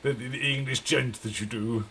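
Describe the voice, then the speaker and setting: A man's voice: mid-range voice, steady tone, normal speed, bright, forceful tone, husky. A man hosting a radio interview, asking questions in an enthusiastic, complimentary way. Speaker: radio show host.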